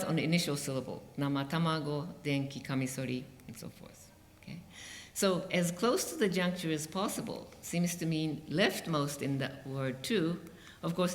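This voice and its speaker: Hesitant academic lecturer in reverberant hall. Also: medium pitch. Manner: hesitant, many "um"s and "okay?" checks. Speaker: linguistics lecturer. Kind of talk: academic conference talk. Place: university lecture room.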